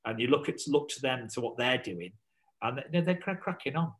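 A man's voice: medium pitch, animated, a little fast, rough recording. A man chatting as a podcast guest, rambling with lots of fillers and restarts. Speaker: podcast guest, survival instructor. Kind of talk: casual podcast chat.

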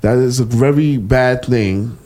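A man in casual podcast chat, animated and blunt, acting out his kids' voices as he tells stories. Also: medium pitch, unhurried. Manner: profane, blunt. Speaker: podcast co-host.

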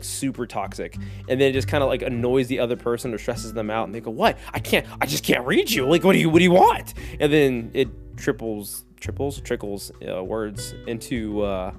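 Rambling, joking man talking on his podcast. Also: mid-range voice. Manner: rambling, joking, lots of fillers. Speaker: podcast host. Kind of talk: casual solo podcast talk.

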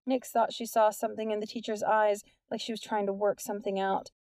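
A woman reading an audiobook in a measured, even narration. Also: medium pitch, no room sound. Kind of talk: scripted narration.

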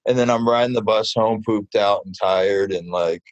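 A man being interviewed about his mural work, telling stories in a casual, animated way full of fillers. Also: on the low side, moderate pace, dry recording, highs cut off. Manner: animated, chatty, many fillers. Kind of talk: casual storytelling.

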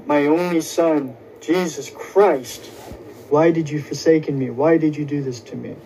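A man's voice: a little high, a little slow, warm tone, slight background noise, low-quality recording. A man voicing a stern, disappointed almighty father god who rebukes his son. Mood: dismayed.

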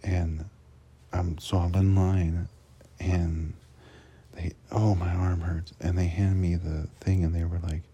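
A man's voice: low-pitched, little pitch movement, takes it slowly, dark tone, slightly rough. A man who drives a truck for work, telling a rambling, crude and profane story in a casual monologue, often restarting his sentences.

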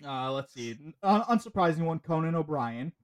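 A man's voice: fairly high pitch, lively intonation, normal speed. Dry-toned guest man reading out a list. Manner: dry, reads facts off a list. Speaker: podcast guest. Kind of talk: casual podcast chat.

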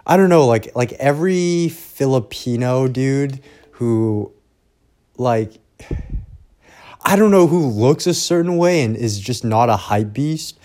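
A young man talks alone into his podcast setup, drifting from thought to thought and swearing freely. He speaks slowly, stalls often, and pokes fun at himself. He wears headphones while recording at home. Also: mid-range voice, expressive, darkish tone. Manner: profane, self-deprecating, trailing off. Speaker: podcast host. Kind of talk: rambling casual monologue.

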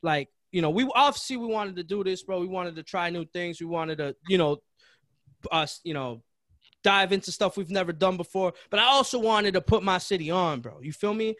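A man's voice: high voice, brisk, a bit bright, no room sound, clean studio sound. A man co-hosting a podcast in casual chat, slangy and saying bro constantly. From Chelsea area. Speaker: podcast co-host.

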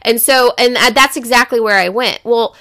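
A woman's voice: on the high side, normal speed, bright, forceful tone, dry recording, studio quality. A woman who is a mother, telling a personal story in a frank, casual podcast conversation, swearing freely and leaning on "like" and "you know". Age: adult parent. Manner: frank, profane storytelling with filler words.

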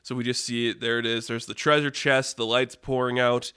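A man telling an improvised story casually, rambling and animated with lots of fillers. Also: medium pitch, a little fast, smooth, dry recording. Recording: dry close mic.

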